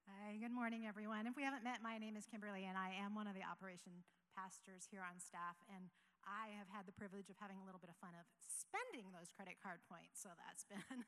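In a church sanctuary, a woman in her forties who serves as an operations pastor shares her personal testimony, earnest and conversational, with soft laughs. Her mid-range voice carries a big-room sound.

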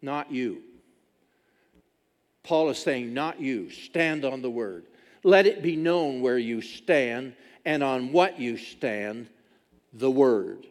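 A man's voice: mid-range voice, expressive, slow. A man, preaching a sermon as a pastor with emphatic, repeated phrases. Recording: long reverb of a large hall.

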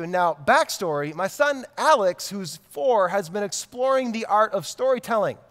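A male pastor in his thirties preaching with a notably high voice, casual and direct, circling back to repeat his main points. His sermon rings through a large hall with a long reverb tail. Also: lively intonation, brisk, few pauses, fairly bright tone. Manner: conversational, repeats key lines for emphasis.

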